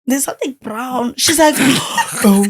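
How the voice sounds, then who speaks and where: A woman's voice: high-pitched, lively intonation, fairly quick. A young woman on a podcast, telling a childhood story in casual chat and acting out the voices of the people in it. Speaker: podcast co-host.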